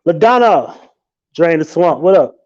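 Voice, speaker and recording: A man hosting a live stream, ranting loudly and mockingly with a lot of swearing. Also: a little high, lively intonation, measured pace, dull audio. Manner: profane, loud and mocking. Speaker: livestream host. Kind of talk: casual live-stream rant.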